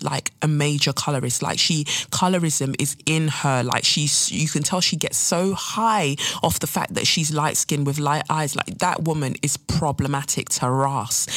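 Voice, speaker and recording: A woman's voice: low voice, no room sound, clean studio sound. A woman hosting a casual solo chat, ranting and swearing as she talks. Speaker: podcast host.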